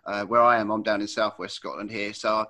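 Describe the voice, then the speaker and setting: An English man hosts the conversation with an English accent and a fairly low voice. He talks quickly and winds through his questions with hesitations and restarts. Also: fairly even intonation, bright, forceful tone. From England. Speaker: podcast host. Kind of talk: casual interview.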